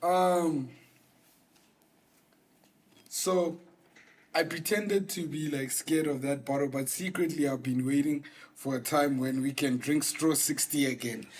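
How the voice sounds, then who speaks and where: Laid-back male co-host, slightly high voice, slangy, chatty. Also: fairly even intonation, slow pace, long pauses. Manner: easygoing, says bro and fair a lot. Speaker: podcast co-host. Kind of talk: casual chat.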